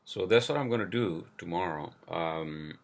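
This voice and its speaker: A man's voice: low voice, moderate pace. A man hosting a solo podcast, venting in a casual, profane, frustrated rant. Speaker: podcast host.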